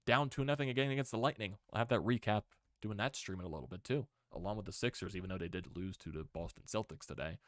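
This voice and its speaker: A man hosting a casual sports recap stream, excitable and given to repeated exclamations. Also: fairly low pitch, quick pace, few pauses, no room sound, studio quality.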